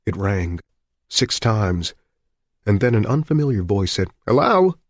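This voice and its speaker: A man narrating a thriller audiobook in a steady, measured way. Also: on the low side, dry recording, studio quality. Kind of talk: scripted narration.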